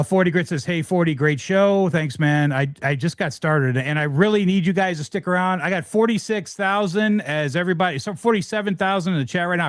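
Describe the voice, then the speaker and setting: A man's voice: a little high, no echo. A middle-aged man hosting a casual guitar livestream, talking frankly and rambling, with lots of restarts. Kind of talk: casual livestream chat answering viewers.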